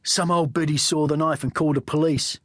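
A man's voice: fairly high pitch, steady tone, a little fast, a bit bright, no echo, studio quality. A blunt, short-tempered teenage thug, as a male reader puts him on. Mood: dismissive. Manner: blunt, dismissive.

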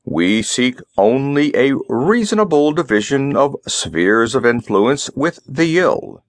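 A man's voice: medium pitch, big pitch swings, slow, dry recording, studio quality. A man voicing a pompous, scheming middle-aged male ambassador in an audiobook, snapping and self-satisfied.

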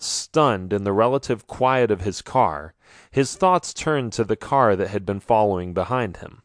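A man narrating a horror novel in a steady, measured audiobook reading. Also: fairly low pitch, no echo. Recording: dry studio audiobook.

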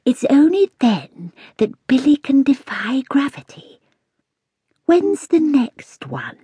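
A woman voicing an old, wise female cat in a storybook, speaking slowly in a hushed whisper. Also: high voice, wildly swooping pitch, no echo, pitched above the performer's own voice, full character voice. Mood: knowing.

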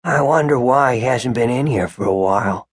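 A man's voice: mid-range voice, moderate pace, no echo, clean studio sound, lightly acted. A man doing a rattly, indignant old shopkeeper. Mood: suspicious. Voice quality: rattly, husky. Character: indignant old male shopkeeper, suspicious and stiff. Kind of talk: audiobook character voice.

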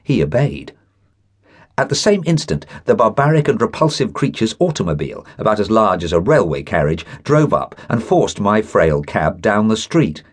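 A man's voice: on the low side, big pitch swings, moderate pace, slightly rough. A man narrating a classic short story as an audiobook reader, telling it expressively and voicing the characters' dialogue.

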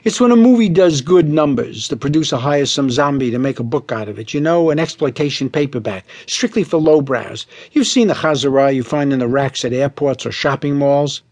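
A man reading a humorous audiobook and voicing a pushy movie producer who talks in brash, fast sales pitches full of Yiddish slang. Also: expressive, darkish tone.

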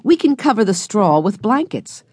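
A woman doing an excited, enthusiastic older boy. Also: medium pitch, normal speed, breathy edge, no echo, studio quality, pitched above the performer's own voice.

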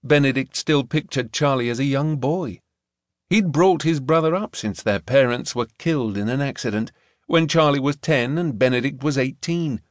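A medium-pitched male narrator delivers a measured, expressive audiobook reading of a novel. The studio-quality recording carries no room sound.

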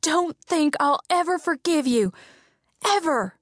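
A woman narrator voicing a furious, defiant young woman who has been trapped, shouting in outrage. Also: high voice, animated, takes it slowly, no room sound, clean studio sound, voice pushed up.

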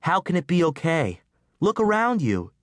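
A man's voice: on the high side, huge pitch swings, normal speed, no echo, voice pushed up. A worn-out teenage boy, as a male reader puts him on, breathless and anxious. His voice sits well above the reader's own, swings up and down a lot, and sounds close and dry. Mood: panicked, guilty.

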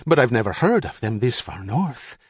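A man's voice: medium pitch, big pitch swings, moderate pace, breathy edge, dry recording, clean studio sound. A man voicing a fussy middle-aged mother who speaks in a precise, formal way without contractions. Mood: stern.

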